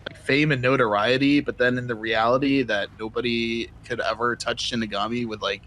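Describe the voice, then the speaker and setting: Deadpan man in casual role-play. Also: mid-range voice, a little fast, slight background noise. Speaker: streamer playing a character.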